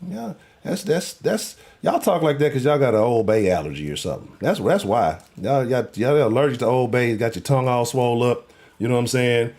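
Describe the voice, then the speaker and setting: A man's voice: medium pitch, animated, brisk, a little mellow. A man hosting a live sports talk show, brash, joking and profane.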